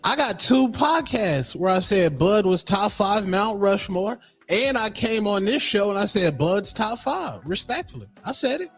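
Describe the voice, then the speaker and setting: A man's voice: sits high, big pitch swings, measured pace, hardly any pauses, fairly bright tone, slightly rough, faint music behind. A man calling into a stream, defensive and insisting on what he said before. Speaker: caller. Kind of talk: casual debate on a call-in stream.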